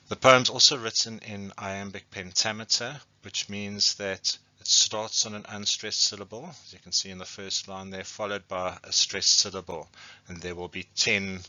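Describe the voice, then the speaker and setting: A man's voice: fairly low pitch, steady tone, normal speed, bright, forceful tone, no room sound, lo-fi sound. A man, an English teacher giving a recorded poetry lesson, who explains patiently and often restates points.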